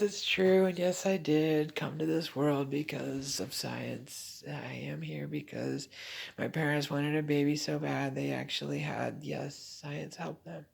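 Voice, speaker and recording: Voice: mid-range voice, gravelly, husky. A vlogger in a rambling, emotional personal monologue, laughing often and trailing off mid-thought.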